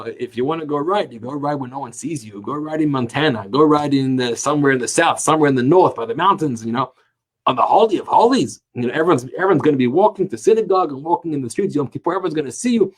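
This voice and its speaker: A man, a rabbi, teaching a Torah class, telling stories with animated rhetorical questions. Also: on the high side, fast talker, breathy edge.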